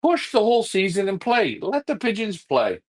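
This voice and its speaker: Guy on a live stream, pretty high voice, blunt fired-up rant, keeps repeating himself. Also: wildly swooping pitch, moderate pace. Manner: fired-up ranting, blunt and repetitive. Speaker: pigeon racing club co-host.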